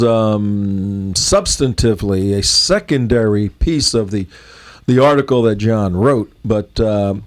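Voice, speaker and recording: A middle-aged man hosting a political talk show, opinionated and halting, often restarting his sentences. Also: lowish voice.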